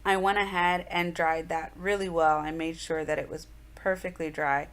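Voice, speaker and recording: A woman's voice: sits low, little pitch movement, normal speed. A woman in her thirties, chatting through an art journal tutorial in a rambling, casual voice-over with many fillers.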